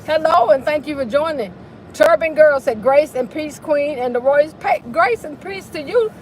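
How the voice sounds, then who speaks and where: A woman's voice: high voice, expressive, moderate pace, darkish tone, slight background noise, poor audio. A woman hosting a casual livestream while driving, chatty and sing-song as she greets viewers. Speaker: livestream host. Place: in a car.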